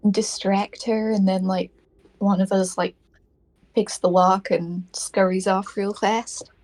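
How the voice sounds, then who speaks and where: A woman's voice: medium pitch, flat delivery, slow pace, darkish tone. A woman playing a tabletop game, tentative and full of fillers. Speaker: player.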